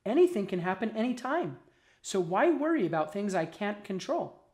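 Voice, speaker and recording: A man's voice: sits high, big pitch swings, normal speed, a little mellow, pitched above the performer's own voice. A man voicing a carefree, encouraging young female worm in a raised, upbeat voice. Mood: cheerful.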